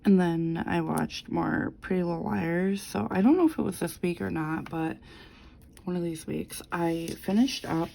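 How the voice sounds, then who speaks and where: Lowish gravelly woman rambling on, lots of "like"s, swears a bit, chill planner vlog chat. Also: moderate pace, warm tone, a little hiss or hum, low-quality recording. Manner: rambling storytelling, heavy "like" fillers, swears freely. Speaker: planner vlogger. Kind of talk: casual chat while decorating a planner.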